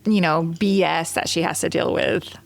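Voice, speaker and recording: A woman co-hosting a podcast, recapping a TV episode in lively casual chat with quick laughs. Her voice has a gravelly fry. The sound is dry and close. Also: fairly low pitch, no room sound. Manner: animated, chatty, quick laughs. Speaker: podcast co-host.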